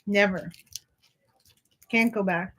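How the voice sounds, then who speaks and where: An American woman co-hosting a casual live stream, making short, dry, low-key remarks. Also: fairly even intonation, slow, fairly bright tone. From United States.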